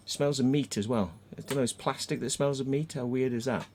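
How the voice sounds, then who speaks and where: A middle-aged British man hosting a casual livestream, telling a story in a sweary, excitable way and acting out the voices of the people in it. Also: mid-range voice, a little fast, few pauses, slight background noise. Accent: British English. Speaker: livestream host. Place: home room with fan and dog.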